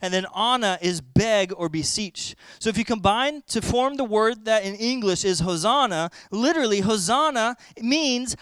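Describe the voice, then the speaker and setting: A man's voice: high voice, expressive, normal speed, hardly any pauses, fairly bright tone, smooth, dry recording. A man preaching a sermon, telling a story vividly and explaining word meanings to his listeners.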